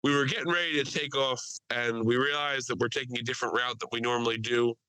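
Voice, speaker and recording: A man's voice: medium pitch, steady tone, fast, sharp tone, clean tone, no room sound, close to an everyday voice, poor audio. A man voicing a formal, apologetic airline captain with a thick South African accent.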